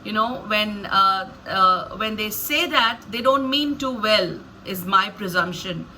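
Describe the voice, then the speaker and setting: A woman's voice: medium pitch, lively intonation, slow, pushed and bright, a little hiss or hum, poor audio. A woman storyteller reflecting on how she performs a story, thoughtful and musing with frequent hesitations. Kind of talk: reflective talk on her storytelling.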